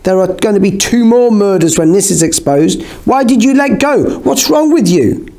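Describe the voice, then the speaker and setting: A man reading an audiobook, voicing a bossy, quick-tempered teenage girl who cuts in with exasperation. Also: high voice, steady tone, pitched above the performer's own voice, close to an everyday voice. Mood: panicked. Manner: exasperated, cutting in.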